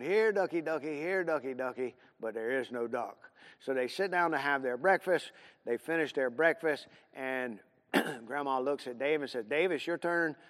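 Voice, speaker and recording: A man telling a homespun story in an unhurried, folksy way, with plenty of fillers and restarts. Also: medium pitch, a bit bright, big-room sound.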